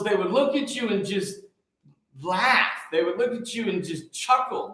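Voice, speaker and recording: Fervent male preacher on a live stream, high-pitched, repetitive declarations, heavy room echo. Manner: fervent, repetitive, swings from shouting to soft. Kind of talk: preachy livestream talk answering comments.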